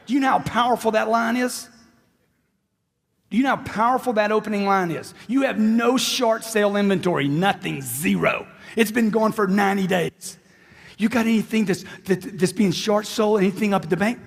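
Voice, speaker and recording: Brief: middle-aged male sales trainer, high-pitched and punchy, repeats lines for effect, long hall reverb. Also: brisk, vocal fry. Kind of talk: live seminar talk. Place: large hall with a live audience.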